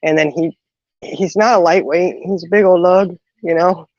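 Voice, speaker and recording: Her fairly low pitch and moderate pace carry a chatty, animated retelling of ordinary stories with frequent asides as this middle-aged woman hosts a casual chat. There's no echo, but the sound is muffled and dull.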